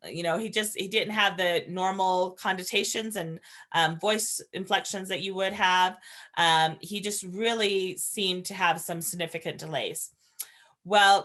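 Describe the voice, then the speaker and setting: A woman's voice: lowish voice, fairly bright tone. A woman giving an earnest, conversational training lecture as a foster parent trainer, explaining ideas and sharing stories from her own home.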